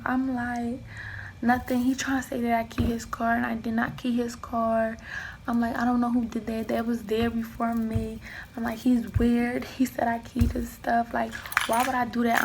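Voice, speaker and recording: A young woman telling a personal story in a casual vlog, acting out both sides of the argument with lively emphasis. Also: a little high, slight background noise, poor audio. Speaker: vlogger.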